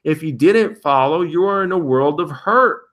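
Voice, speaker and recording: A young man hosting casual commentary, reading headlines aloud and reacting with sarcastic, incredulous remarks and sudden jumps in pitch. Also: animated, normal speed, fairly bright tone. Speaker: crypto commentary host.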